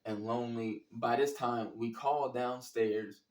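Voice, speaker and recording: This man's voice sits at medium pitch, a little slow and mellow, with fairly even intonation. Recorded at a distance in an echoey room, he tells the story of a college basketball trip casually, full of slang and swearing, performing his reactions as he goes.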